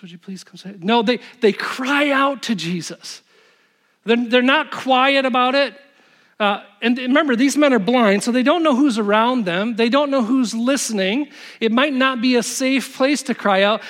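High-voiced man preaching a conversational sermon. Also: fairly bright tone. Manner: conversational, interactive preaching with quick asides. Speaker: pastor.

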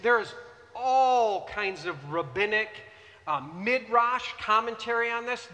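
A man preaching a sermon in an animated, conversational way, often asking the audience questions. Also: high-pitched. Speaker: pastor. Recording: reverberant hall.

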